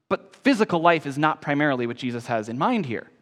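Man, pastor, sermon, fairly high voice, emphatic swells and quiet drops, long church reverb. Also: big pitch swings, quick pace. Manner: emphatic, swelling on key phrases then dropping soft.

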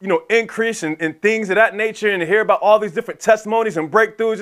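A man's voice: high-pitched, fast talker, hardly any pauses. A man preaching a sermon in a conversational way, acting out talks with the Lord and others. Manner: conversational preaching, acts out dialogue with the Lord, animated. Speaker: pastor.

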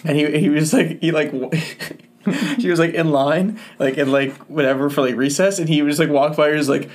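Young male podcast co-host, slightly high voice, rambling and laughing storyteller. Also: normal speed. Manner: rambling, fillers and swearing, laughs while telling stories. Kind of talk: casual chat.

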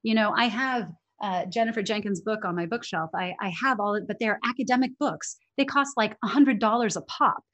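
A woman speaking as an interview guest, her voice sitting at a middle pitch. She talks in an animated, emphatic way and keeps restarting her sentences. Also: moderate pace, hardly any pauses. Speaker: interview guest, English teacher trainer. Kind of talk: conversational interview.

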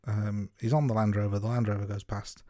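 A man co-hosting a casual film review podcast, talking in a relaxed, thoughtful way with many fillers and restarts. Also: fairly low pitch, fairly quick, no room sound, clean studio sound.

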